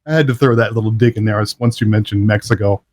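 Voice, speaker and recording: A man's voice: on the low side, steady tone, quick pace, darkish tone. A middle-aged man hosting a live internet talk show in a casual, upbeat, chatty way. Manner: upbeat, chatty, laughs often. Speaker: show host.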